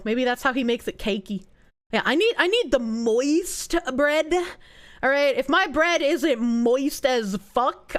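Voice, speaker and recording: A woman with a New Jersey accent streaming live, reacting to chat in a loud, crude, animated way and breaking into shrieking laughter. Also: on the high side.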